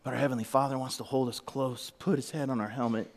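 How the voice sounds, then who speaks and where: A man's voice: medium pitch, fairly even intonation, fast. A middle-aged man giving a sermon as a pastor, telling a heartfelt story and sometimes dropping to a whisper. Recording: long reverb of a large hall.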